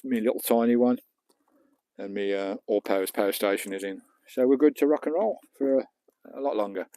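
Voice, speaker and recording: An English vlogger with a lowish, dark voice chats casually to viewers on a live stream at a moderate pace, talking as he works and swearing lightly. He moves between a beach and his camper van, wearing a small clip-on mic whose distance varies, and there's no room sound.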